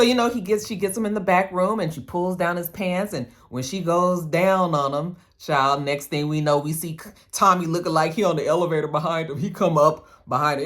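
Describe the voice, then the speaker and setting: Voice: medium pitch, a bit bright. A chatty vlogger recapping a TV episode in loose, slangy talk. They curse freely and keep dropping in asides, with a mid-range voice. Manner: chatty, slangy, profane, quick side comments. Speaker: TV episode reviewer.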